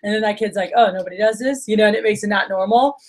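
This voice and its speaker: A young woman runs a training session for sales managers. She talks casually and with energy, slipping into quick impressions of her reps and of herself. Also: medium pitch, low-quality recording. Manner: animated, acts out quoted dialogue. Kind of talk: training workshop talk.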